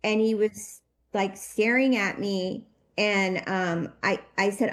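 A woman telling a personal story in an interview, her voice shaky with emotion and her telling halting and full of restarts. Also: medium pitch. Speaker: interview guest.

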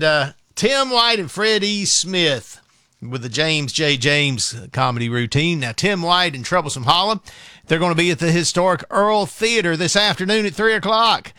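A man's voice: a little high, pushed and bright, no echo. A male radio host in a studio, chatting casually between recordings with rambling remarks and laughs.

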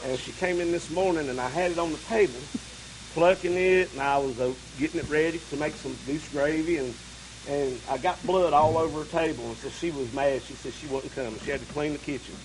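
A man's voice: a little high, brisk, low-quality recording. A man, a musician guest on a live radio show, telling folksy stories and joking around. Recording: hissy broadcast recording.

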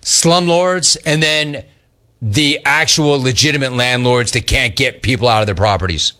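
A man's voice: medium pitch, normal speed, sharp tone. A man hosting a live talk show, reading out listener complaints and teasing a caller about his name. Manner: teasing, mocking repetition. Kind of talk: casual live show banter.

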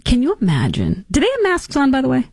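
A woman hosting a talk show, giving casual political commentary in a sarcastic, mocking and animated way. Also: sits high, fast talker, slightly rough, no echo, clean studio sound.

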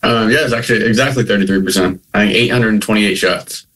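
A man's voice: on the low side, fast talker, fairly bright tone. A man from Maine, a basketball coach, answering plainly and modestly as a guest on a video call. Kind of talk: remote interview.

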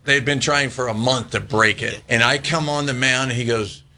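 A man in his sixties, a former baseball player, telling animated anecdotes in a casual interview and laughing often. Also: medium pitch, fairly quick.

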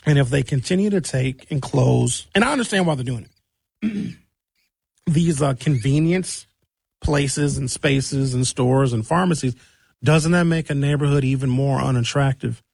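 A man hosting a talk show who is hoarse from recent shouting, giving blunt, conversational commentary on local news and asking rhetorical questions. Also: mid-range voice, a little slow, no echo, clean studio sound.

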